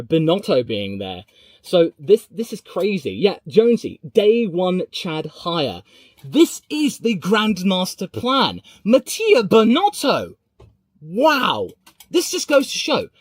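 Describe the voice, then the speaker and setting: A man reacting to news on a live stream, reading viewer comments aloud and swinging from mumbled asides to excited outbursts. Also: on the high side, no echo, studio quality. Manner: chatty, reads comments aloud.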